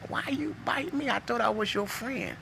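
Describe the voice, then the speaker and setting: A man doing a squeaky, naive good samaritan. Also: normal speed, vocal fry, noisy background. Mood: hurt. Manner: coaxing, high and soft. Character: naive kind-hearted man in a parable.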